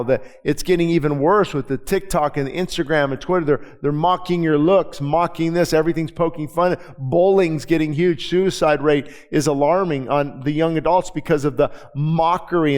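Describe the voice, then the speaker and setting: A man preaching to his congregation in a voice pitched a little above the usual male range. He reads scripture slowly and deliberately, then drops into quick, conversational asides to explain it. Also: darkish tone. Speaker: pastor. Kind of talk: sermon. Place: church.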